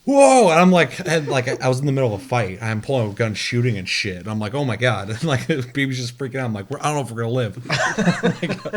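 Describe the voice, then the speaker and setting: Animated, swearing male gamer. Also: medium pitch, fast talker, few pauses. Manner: animated, profane storytelling with imitated game sounds. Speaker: podcast co-host. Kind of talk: casual gaming chat.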